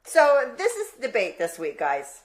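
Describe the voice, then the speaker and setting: A woman who produces and co-hosts a podcast, a chatty, animated storyteller in casual banter. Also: fairly high pitch, normal speed, slight background noise.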